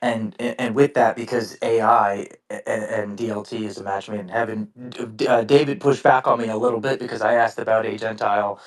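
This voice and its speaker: A man with a lowish voice talks through a casual podcast chat, stumbling over restarts and fillers as he works toward his point. He sits somewhat back from the microphone, so the sound is slightly distant. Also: steady tone. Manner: halting, many restarts and fillers. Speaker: podcast co-host. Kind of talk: casual conversation.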